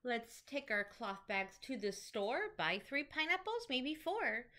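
Animated, sing-song woman teacher reading aloud. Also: sits high, slow. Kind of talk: reading picture books aloud to children.

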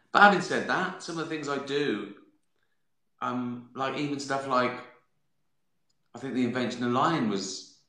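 A man's voice: medium pitch, pushed and bright, echoey room. A man hosts a casual live stream from home, answering viewer questions in a sardonic, swearing, rambling way. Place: at home, sitting with a beer.

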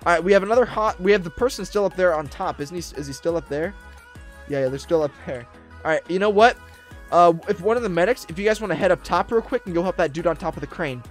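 High-voiced excitable man barking orders. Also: quick pace, faint music behind. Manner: excitable, barking commands, rambling with fillers. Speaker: roleplay YouTuber. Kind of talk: gameplay roleplay commentary.

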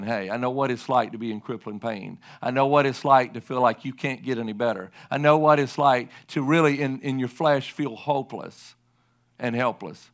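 A man's voice: mid-range voice, creaky. A middle-aged man preaching a sermon as a pastor, emphatic and repeating his key lines to the congregation.

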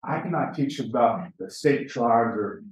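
A man's voice: mid-range voice, expressive, measured pace. A man gives a conference presentation to teachers, chatting easily, telling stories and asking the audience questions. He is heard from a distance in a roomy, echoing space. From Native American, Apache. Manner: conversational, asks the room questions, tells stories. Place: conference session room. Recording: echoey room, mic far off.

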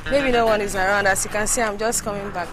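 A woman's voice: medium pitch, fairly even intonation, fast talker, music in the background, lightly acted. An actress with a Nigerian accent playing a tired young woman who answers curtly and brushes off a visitor. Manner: curt, dismissive.

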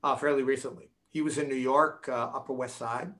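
A man's voice: medium pitch, steady tone, a little fast, a bit bright. An older man with a light New England accent talks casually as a guest on a video call. He rambles from one story to the next, joking along the way. He often restarts his sentences mid-thought. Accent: light Boston-area New England. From New England, USA. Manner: chatty, rambling, jokey with restarts. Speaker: guest pianist. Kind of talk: casual chat.

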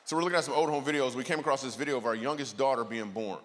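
A man with a mid-range voice talks rapid-fire as a guest speaker delivering a comedic sermon in a church auditorium. There's background noise and church hall reverb as he tells funny stories and trades lively asides with the crowd.

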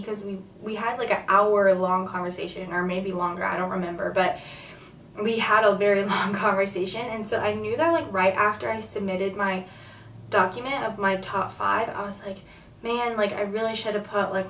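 A woman's voice: mid-range voice, far from the mic, slight background noise. Chatty young woman in an echoey room. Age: young adult. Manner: excited and chatty, many fillers. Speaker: vlogger. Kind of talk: casual chat to camera. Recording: echoey room, voice a little off-mic.

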